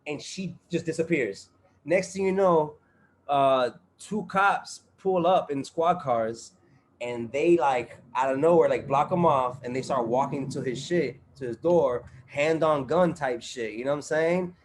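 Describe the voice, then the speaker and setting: A man's voice: a little high, unhurried, a little hiss or hum. A man guest on a podcast, telling a story in casual chat, full of profanity, street slang and fillers.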